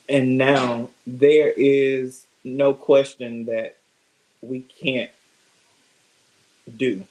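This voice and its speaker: A man's voice: medium pitch, darkish tone, low-quality recording. A man with an Alabama accent, answering interview questions about his work as a businessman in funeral service, earnest and reflective.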